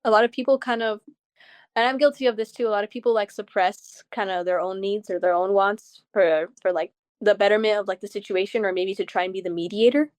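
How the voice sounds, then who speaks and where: A young adult woman joins her mother as a guest on an interview show. She tells her stories in a chatty, animated way, full of quick asides. Her voice sits at a middle pitch in a dry, close recording. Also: no echo. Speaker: guest's daughter. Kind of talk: casual interview chat.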